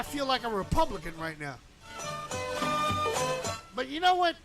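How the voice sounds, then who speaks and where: Radio morning host, male, very high voice, animated riffs, loud music bed behind. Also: unhurried, pauses often. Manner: animated, riffing, chanting and shouting in bursts. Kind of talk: loose on-air banter and ranting. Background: music playing.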